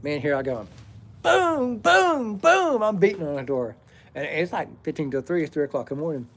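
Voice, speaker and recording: A man's voice: fairly high pitch, animated, fast, darkish tone. A man, telling a personal story in a rambling, profane, drawling way.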